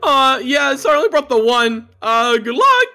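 A woman's voice: sits high, sing-song, normal speed, sharp tone, heavily acted. A woman voicing a silly sidekick friend in a Minecraft role-play, with a goofy, giggly manner.

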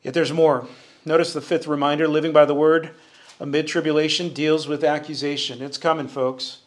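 A man's voice: on the high side, level tone, normal speed. A man teaching a verse-by-verse sermon in church, preaching earnestly, rising for emphasis and calling on the congregation to answer. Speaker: Bible teacher. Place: church sanctuary.

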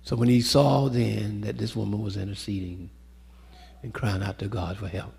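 A man preaching a sermon, swinging from loud calls to hushed storytelling and calling out to the congregation, in a church sanctuary. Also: on the low side, steady tone, normal speed, vocal fry, husky. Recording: echoey hall with long reverb.

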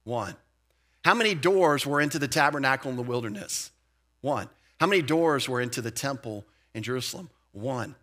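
A man preaching a sermon as pastor, in a lively, conversational way with casual asides. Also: mid-range voice, moderate pace. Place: church sanctuary.

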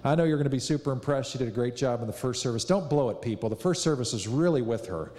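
A male pastor introducing a guest speaker in a relaxed, hesitant way. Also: mid-range voice, fast talker. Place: church sanctuary. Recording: reverberant church hall.

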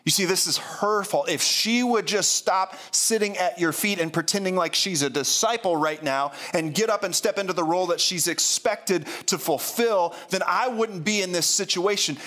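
A pastor preaching a sermon in an earnest, candid way, often repeating and restarting phrases. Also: male voice, high-pitched, normal speed, few pauses, fairly bright tone.

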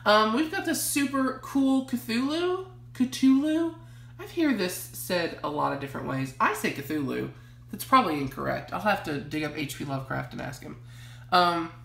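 A woman's voice: medium pitch, very animated, moderate pace, vocal fry, fairly bright tone, echoey room. A young woman chatting casually to camera as she shows off her collection, gushing and rambling with lots of fillers. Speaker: vlogger showing a collection. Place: home library.

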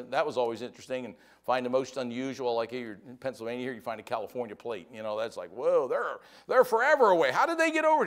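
An older American man delivers a sermon in a folksy storytelling way. His voice sits a little high for a man and leaps up and down constantly, rising sharply whenever he gets excited. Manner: folksy storytelling with lively swings in pitch and volume. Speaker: pastor.

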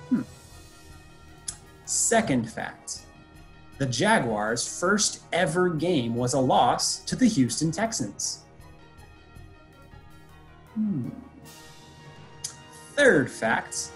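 A show host reading a scripted quiz segment in an upbeat, game-show way. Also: mid-range voice. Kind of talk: scripted hosting.

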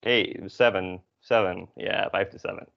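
A man's voice: deep voice, unhurried, vocal fry. Chatty male language teacher, lo-fi sound. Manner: relaxed, chatty, explains with many fillers. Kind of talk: casual classroom lesson. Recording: dull lo-fi recording.

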